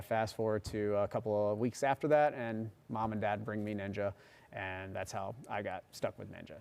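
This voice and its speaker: A man's voice: fairly low pitch, a little mellow. A man in his forties, a meteorologist hosting a livestream, chatting casually, telling a long story and answering viewer comments. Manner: chatty and rambling, reads viewer comments aloud. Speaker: meteorologist and show host.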